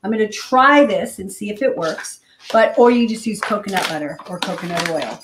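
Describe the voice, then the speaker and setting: Woman hosting a hurried kitchen demo. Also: mid-range voice, lively intonation, noisy background. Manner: hurried, chatty, thinks out loud. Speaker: cooking show host. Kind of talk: live cooking demonstration. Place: home kitchen. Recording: roomy kitchen with clattering dishes.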